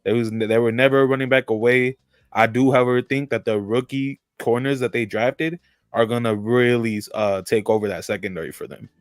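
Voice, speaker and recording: A man's voice: medium pitch, fairly even intonation, a little fast, dry recording. A man with a mid-range voice makes confident football predictions. The recording is close and dry. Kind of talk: casual sports chat.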